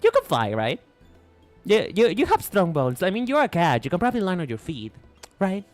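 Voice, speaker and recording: A man with a Mexican accent chats on his live stream, playful and rambling, often restarting his sentences. His pitch swings a lot while he talks. Soft music plays behind him. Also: wildly swooping pitch, moderate pace. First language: Spanish. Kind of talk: casual live-stream chat. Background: faint music.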